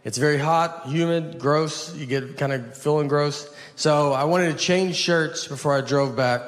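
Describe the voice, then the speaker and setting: A man from Tennessee, doing self-deprecating stand-up comedy in a deadpan way on a stage. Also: on the high side, a little slow. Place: comedy stage with a live audience. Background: audience laughter.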